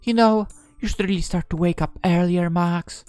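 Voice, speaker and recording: Cast: cheeky, cheerful young woman mage in a visual novel, as a man puts her on, high and bouncy, dry close sound, soft music behind. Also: fairly even intonation, moderate pace, clear, resonant tone, no echo, close to an everyday voice. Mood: teasing. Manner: teasing, bright, playful.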